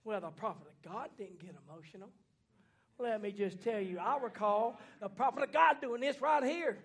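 A man preaching a fiery sermon in a church, folksy and plainspoken, swinging from hushed lines to shouting. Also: sits high, moderate pace. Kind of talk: fiery Pentecostal-style sermon.

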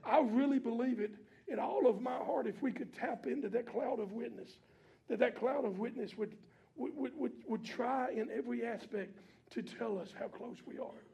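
A preacher man with a very high voice and a gravelly edge, talking in a loose, everyday way. He reads scripture low, then climbs into shouted preaching as the congregation answers back in church. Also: moderate pace. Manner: colloquial preaching with call-and-response. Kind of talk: sermon.

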